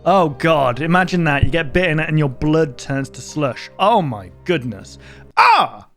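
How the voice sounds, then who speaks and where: A man's voice: fairly high pitch, animated, normal speed. A man giving casual let's-play commentary, rambling and reacting aloud while joking about what he sees. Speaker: gaming YouTuber. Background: game audio and music.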